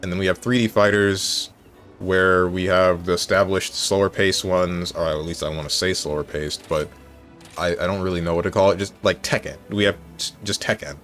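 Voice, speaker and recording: A man talks casually on his live stream in a somewhat low voice, working through his thoughts aloud and correcting himself as he goes. Faint music plays softly behind him. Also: fairly even intonation, normal speed. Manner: thinking aloud, musing and self-correcting.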